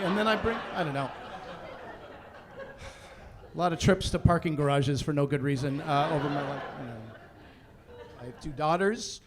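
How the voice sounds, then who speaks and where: A man in his forties works a live theatre crowd with a fairly high, animated voice, sliding from mock exasperation into loud shouted punchlines. He speaks into a handheld stage mic. A faint hum of the room sits behind him. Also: normal speed, long pauses. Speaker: stand-up comedian. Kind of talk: stand-up comedy set.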